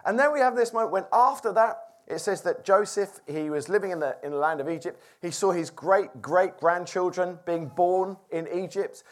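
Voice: medium pitch, moderate pace, few pauses. Preacher, informal Bible talk, conversational, questions the listeners. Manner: conversational, asks the audience questions. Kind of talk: informal Bible teaching to a group.

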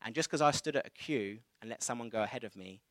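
A man delivers a sermon, weaving in a personal anecdote with a lively, chatty manner. His voice sits at an ordinary middle pitch. The sound is close and dry, with no room echo. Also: fast talker. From England. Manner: conversational storytelling, animated retelling of dialogue. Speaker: preacher.

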